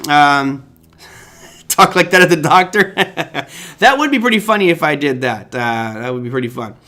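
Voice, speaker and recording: A man's voice: fairly high pitch, sing-song, normal speed, bright, forceful tone. A man hosting a live trading recap show, talking casually and rambling, often correcting himself and breaking into sudden exclamations. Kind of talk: live market recap talk.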